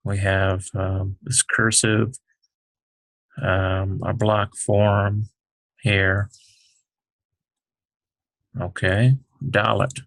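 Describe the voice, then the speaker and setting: A man teaching the Hebrew alphabet, talking slowly with many fillers as he writes out each letter. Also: low voice, flat delivery, fairly bright tone, no room sound. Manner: slow, halting, many fillers, explains while writing. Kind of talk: unscripted alphabet lesson.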